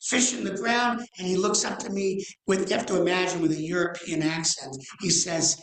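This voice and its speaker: A man in his sixties tells a story from the pulpit, his voice rising and falling with animation and stretching into slow, dramatic pauses. The sound carries the roomy echo of a church sanctuary. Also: high-pitched, fairly even intonation, fairly bright tone. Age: 60s. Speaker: guest speaker, rabbi. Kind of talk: storytelling sermon.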